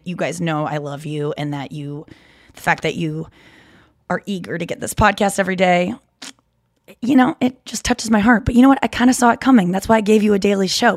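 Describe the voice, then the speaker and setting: A woman's voice: on the low side, dry recording. Rambling woman podcast host, dry close mic. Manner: rambling, self-correcting, confessional. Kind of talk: casual chat.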